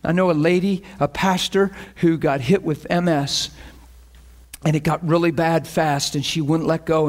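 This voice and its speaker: A man preaching a sermon with impassioned, climbing delivery, acting out his own inner voice and building to near shouts. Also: on the high side.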